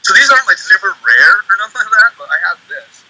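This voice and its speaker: A man's voice: sits high, sing-song, fast, pushed and bright, poor audio. A man rambling in a casual livestream chat. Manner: rambling, chatty.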